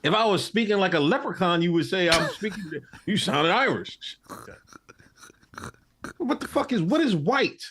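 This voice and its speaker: A man co-hosting a podcast in casual chat, animated and laughing. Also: normal speed, long pauses, husky. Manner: animated, laughing, swings pitch widely when making a point. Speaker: podcast co-host.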